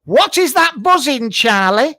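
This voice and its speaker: A man performs a brash, camp psychic medium hosting a live stream from his garage, crude and teasing. The voice sits high and swoops about with lively energy. The sound is dry and close, like a computer mic. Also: a little slow, dry recording, exaggerated voice. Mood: teasing, bawdy. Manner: bawdy, teasing, breaks into frequent laughter. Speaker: host of a live psychic comedy show. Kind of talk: improvised live-stream comedy character. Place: double garage at home.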